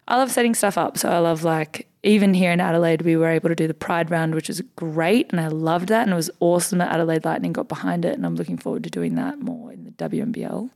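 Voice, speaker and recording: Aussie woman in her 20s, chatty and bubbly, bit low voice, says like a lot. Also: lively intonation, fast talker, hardly any pauses, darkish tone. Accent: Australian. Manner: chatty, upbeat storyteller with frequent "like" and "um". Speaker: basketball player, podcast guest. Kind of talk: casual interview chat.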